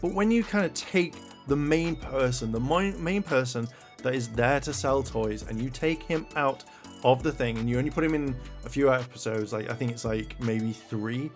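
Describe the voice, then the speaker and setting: Male reviewer, casual rant, rambling, profane, mid-pitched voice. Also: normal speed, soft background music.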